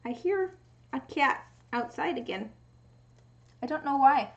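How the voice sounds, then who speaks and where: A woman's voice: high voice, lively intonation, a little slow, long pauses, background noise. A young woman from the US Pacific Northwest chatting casually and thinking aloud during a livestream from her home craft workspace. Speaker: streamer making resin dice.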